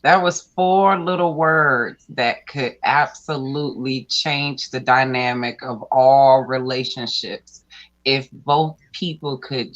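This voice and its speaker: A podcast host in a casual interview who speaks in a slow, emphatic and earnest way, heard over a video call. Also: medium pitch, a bit bright. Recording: dull lo-fi sound.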